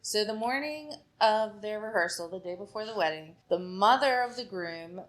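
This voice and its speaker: As a podcast guest, a woman who works as a hairstylist tells a chatty story, acting out quoted dialogue and peppering it with "like." She speaks at a normal speed in a medium-pitched, expressive voice.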